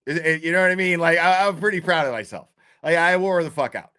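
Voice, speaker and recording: A man's voice: a little high, fast, bright, forceful tone, clean tone. Profane rambling storyteller man in his fifties. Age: 50s. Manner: profane, rambling, keeps checking in with "right?". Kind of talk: casual storytelling.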